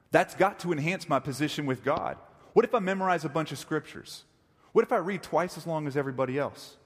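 Animated preacher man in a reverberant hall. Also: a little high, husky. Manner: emphatic and jokey, with repetition for stress. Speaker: pastor. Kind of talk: sermon. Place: church sanctuary. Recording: long reverb of a church hall.

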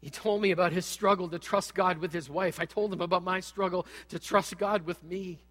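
A middle-aged man preaching a sermon, telling a personal story with animated, humorous asides. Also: sits high, a little fast, in a large hall.

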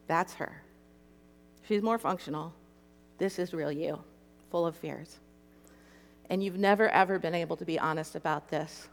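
Woman doing a soft low divine guy voice, gentle and calm, echoey hall. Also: normal speed, pauses often, natural voice.

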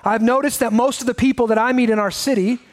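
A man's voice: very high-pitched, fairly even intonation, fast. A pastor preaching a sermon in a conversational way, asking his listeners many rhetorical questions.

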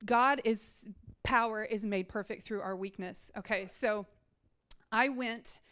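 A woman in her thirties giving an earnest, animated mission trip testimony to a church congregation, talking straight to the listeners. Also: a little high, slow pace, smooth. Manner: earnest and animated, addressing the audience directly.

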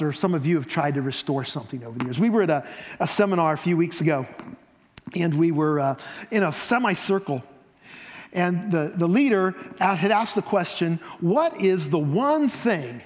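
Man, preacher, sermon, fairly high voice, loud peaks and near whispers, long hall reverb. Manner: dynamic, swings from loud emphasis to near whispers.

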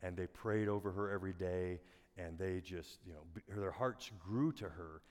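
A middle-aged male pastor delivers an earnest sermon in a fairly low voice, often sinking to near whispers. His words ring out with a long reverb through a church auditorium. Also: normal speed. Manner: earnest, soft-spoken, dips to near whispers.

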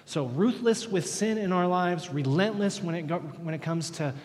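A man's voice: high voice, a little mellow. Earnest male pastor in a reverberant church. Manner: earnest, measured delivery with deliberate pauses. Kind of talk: sermon with scripture reading and prayer. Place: church sanctuary. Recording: long hall reverb in a church.

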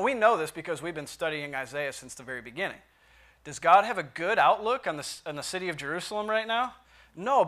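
Bible teacher man, lightly high voice. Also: fairly bright tone. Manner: conversational, asks the listeners questions, reads scripture aloud with emphasis. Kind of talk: Bible study lesson.

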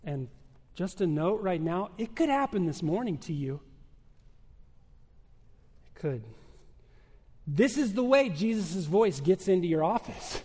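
A male pastor preaching a sermon with emphatic, measured delivery, rhetorical questions and dramatic pauses. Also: high voice, sing-song, dark tone, breathy edge, long reverb tail.

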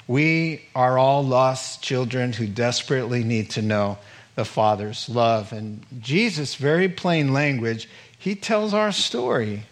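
Slow-preaching folksy pastor, a man. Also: mid-range voice. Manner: folksy and animated, laughs as he preaches. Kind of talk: sermon.

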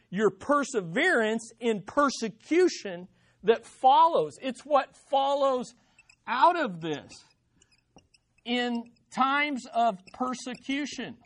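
Emphatic preacher, loud then hushed. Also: mid-range voice. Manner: asks the listeners rhetorical questions. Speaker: pastor. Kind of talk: expository sermon.

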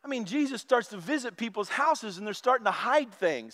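A man preaching a sermon in a lively way, acting out the voices of puzzled listeners and disciples. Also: extremely high pitch, normal speed, few pauses. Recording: long reverb of a large hall.

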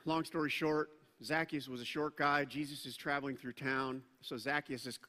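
A man preaching a sermon as pastor, animated and acting out the voices he quotes. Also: medium pitch, moderate pace. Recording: long reverb of a large hall.

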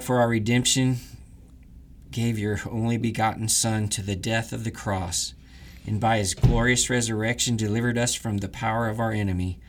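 A man leading morning prayers, reading the liturgy in a measured, reverent way. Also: on the low side. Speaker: prayer leader.

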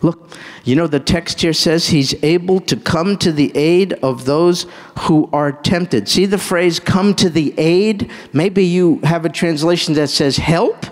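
Guy preaching in a church hall, slow and drawn out, voice sits a bit high, lots of reverb. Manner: animated, emphatic preaching with sudden high exclamations; talks directly to the congregation with questions. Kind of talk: live sermon.

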